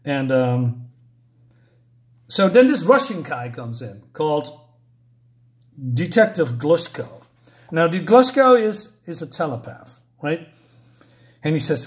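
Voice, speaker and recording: Guy rambling through a comic recap, lots of um and right, laughs along, voice on the higher side. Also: sing-song, takes it slowly, long pauses. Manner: rambling, chuckling, full of "so, um, right?". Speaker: comic book reviewer.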